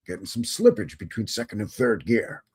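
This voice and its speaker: A man's voice: lowish voice, very animated, normal speed, a little mellow, breathy edge. A man putting on a shaky British accent to voice a bewigged old-time craftsman fussing over his car's transmission. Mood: fussy. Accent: British, put on. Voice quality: put-on British accent, admittedly poor.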